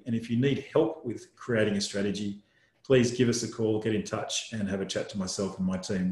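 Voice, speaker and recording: Casting: buyer's agent host, conversational, echoey room. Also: male voice, on the low side, darkish tone. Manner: conversational, frequent um fillers. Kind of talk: casual webinar presentation. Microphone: video call.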